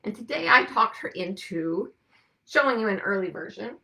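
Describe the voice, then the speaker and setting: A woman hosts a casual live video broadcast over a webcam, her medium-pitched voice expressive, bright, and forceful at a normal speed. She chats and greets viewers, laughing often.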